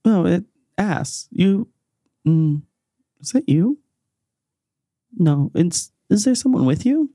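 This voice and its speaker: A man putting on a cult leader for a tabletop game, raising his voice into a lilting, high singsong. The tone swings widely, sweet on top with a gravelly creak underneath. He sounds falsely friendly and quietly menacing, recorded close and dry. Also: sing-song, slow, long pauses, no room sound, exaggerated voice. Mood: cordial, probing. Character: eerie glowing-eyed male cult leader, smooth and menacing.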